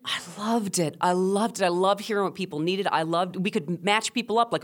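A middle-aged woman, a former radio host, telling a first-person story with animated, emphatic delivery. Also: on the low side, brisk, hardly any pauses.

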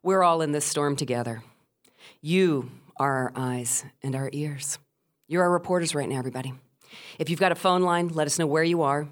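A woman's voice: lowish voice, racing, hardly any pauses, a bit bright, lightly acted. A woman voicing a commanding radio talk-show host who speaks steadily and with authority to frightened listeners. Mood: calm, firm. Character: commanding middle-aged woman radio host, calm and firm.

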